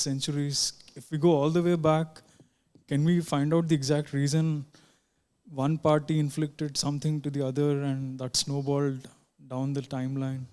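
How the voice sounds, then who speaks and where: Questioner: man, slightly high, flat, even delivery, formal phrasing. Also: normal speed, smooth. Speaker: university member asking a question. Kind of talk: question from the floor.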